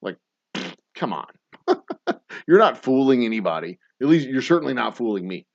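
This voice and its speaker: A distillery owner who hosts a whiskey show chats casually on a livestream, answering viewer comments in a rambling, blunt way, swearing freely and chuckling often. His mid-range voice is very animated, creaky and moderately paced. The audio is dull, with a little hiss or hum.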